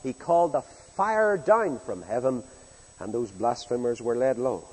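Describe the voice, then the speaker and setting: A man preaching a sermon in a folksy storytelling way, acting out the speakers in the story with big swings in loudness. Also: medium pitch, lively intonation, a little slow, husky, big-room sound, poor audio.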